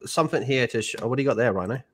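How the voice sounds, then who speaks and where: A man's voice: mid-range voice, very fast. A man with an Australian accent hosting a live stream, loose and jokey, swearing in casual chat. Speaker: livestream host.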